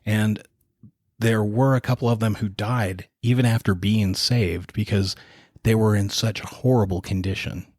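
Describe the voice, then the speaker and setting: A man co-hosting a podcast, casually retelling a dark historical story in a relaxed, conversational way. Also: fairly low pitch, unhurried, no room sound, clean studio sound. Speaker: podcast co-host.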